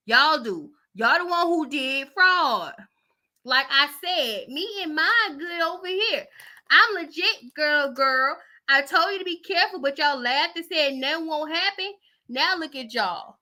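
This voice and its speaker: A smug, unbothered young woman taunting her sister, as a woman reads the texts. She drawls each jab slowly and dismissively, and her voice stays bright and sharp. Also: high voice, pitched above the performer's own voice, heavily acted.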